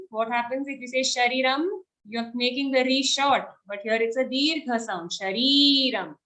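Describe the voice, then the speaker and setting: A woman teaching verse recitation online, chanting lines slowly and then correcting pronunciation briskly. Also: high-pitched, pushed and bright.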